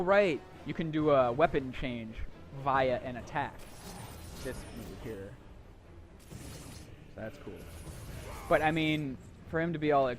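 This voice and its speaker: A man's voice: mid-range voice, a little slow. A young man gives casual let's play commentary in a sarcastic, irreverent way. He swears freely and mocks what happens on screen. Faint game music runs underneath. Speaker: gameplay commentator.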